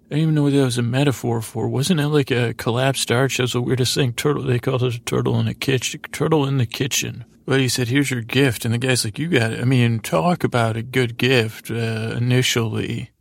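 A man's voice: medium pitch, steady tone, brisk, gravelly, hardly any pauses. A man hosting a podcast, meandering through a sleepy retelling of a TV episode, often correcting himself. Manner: meandering, self-correcting, paraphrases characters loosely. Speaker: podcast host. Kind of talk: rambling sleepy recap of a TV episode.

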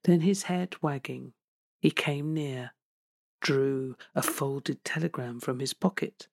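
A woman reading a literary novel aloud as audiobook narration, in a slow, measured way. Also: rumbling low, vocal fry, darkish tone, dry recording, clean studio sound. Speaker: audiobook reader.

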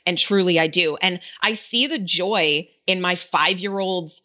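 A woman's voice: on the low side, measured pace, pushed and bright. A woman in her thirties, a podcast guest in casual conversation, chatty with many fillers and frequent laughs. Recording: dull lo-fi sound.

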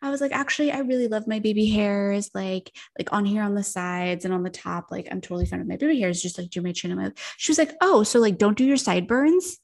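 A woman's voice: medium pitch, quick pace, creaky, hardly any pauses. A young woman co-hosting a podcast, telling stories in casual chat with lots of "like" and frequent swearing. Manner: animated storytelling, heavy use of "like", swears freely. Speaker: podcast co-host.

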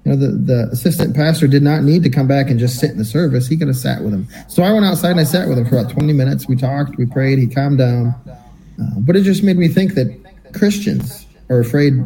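A man with a mellow, darker tone co-hosts a casual podcast. He tells a personal story in an animated way and acts out the voices of the people in it. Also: mid-range voice, fast talker, vocal fry, rough recording. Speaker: podcast co-host.

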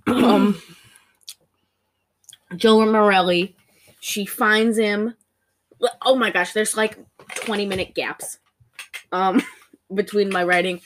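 A woman co-hosting a podcast, chatting casually as she recaps a movie and acts out its lines with big jumps in pitch. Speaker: podcast co-host.

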